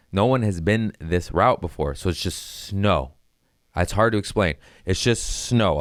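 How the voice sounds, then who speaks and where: Profane, animated low-voiced male storyteller. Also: smooth, no room sound, clean studio sound. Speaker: comedian podcast host. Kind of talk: casual storytelling chat.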